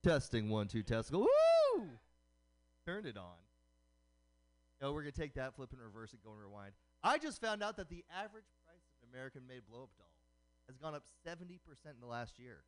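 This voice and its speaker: A man's voice: mid-range voice, animated. Punning stand-up comedian man. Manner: punning, quick joke delivery. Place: comedy night broadcast on radio.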